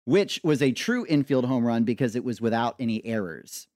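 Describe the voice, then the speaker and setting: A man's voice: medium pitch, moderate pace, no echo, studio quality. A man in his thirties hosting a podcast, telling jokey stories about his young son. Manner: joking, animated storytelling. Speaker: podcast host. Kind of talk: casual chat.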